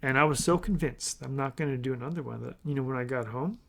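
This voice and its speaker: A man's voice: mid-range voice, fast talker, gravelly, background noise. A middle-aged man hosting a casual motivational podcast, talking earnestly and rambling with restarts. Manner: earnest, rambling with restarts, acts out his inner voice. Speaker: podcast host.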